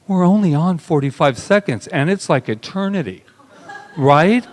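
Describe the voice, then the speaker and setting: A man's voice: on the high side, expressive, normal speed. Man preaching a sermon in an echoing hall. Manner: intimate, emotional, shifts between soft murmurs and raised bursts. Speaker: minister. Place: spiritual center sanctuary. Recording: long hall reverb.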